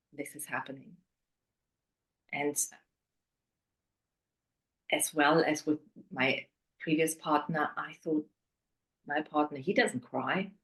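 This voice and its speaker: A woman interviewed as a guest, candidly telling a painful personal story, often dropping to a hushed voice. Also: deep voice, rough recording.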